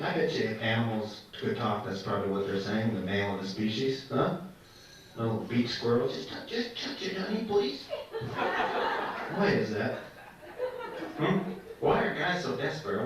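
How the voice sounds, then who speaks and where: A man's voice: medium pitch, animated, normal speed, pauses often. Man doing stand-up in an echoey club. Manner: teasing, talks to the crowd. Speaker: stand-up comedian. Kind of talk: stand-up comedy set. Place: comedy club. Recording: echoey club from far off, loud room noise. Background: audience laughter.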